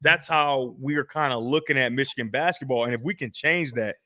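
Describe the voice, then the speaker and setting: A man co-hosting a casual sports talk show, talking in an animated, conversational way with lots of rhetorical questions. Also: mid-range voice, fairly quick, no echo, studio quality.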